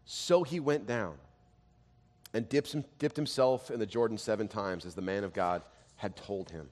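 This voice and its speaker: A man in his thirties preaching a sermon, telling family stories, dropping to quiet and rising to loud. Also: lowish voice, moderate pace. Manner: animated storytelling, swings from quiet to loud. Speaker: pastor. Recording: long hall reverb.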